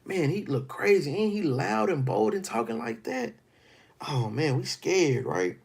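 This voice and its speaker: A man voicing frightened Israelite soldiers in a high, cracking, whiny voice. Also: very animated, a little slow, creaky, a little mellow, breathy edge, full character voice. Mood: scared. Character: panicked Israelite soldiers, grown men, terrified.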